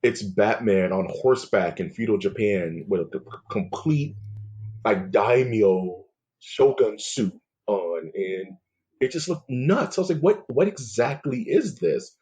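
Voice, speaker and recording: Laid-back husky-voiced man hosting a podcast. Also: lowish voice, expressive, slow pace, darkish tone. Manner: laid-back, loose and jokey, peppered with "man" and "dude". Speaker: podcast host. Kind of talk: casual podcast chat.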